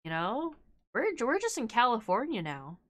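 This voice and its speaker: A woman's voice: a little high, wildly swooping pitch, normal speed, a bit bright, no room sound. A young woman streaming a game, chatting casually with viewers, laughing often between filler-heavy remarks. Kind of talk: casual live-stream chat while gaming.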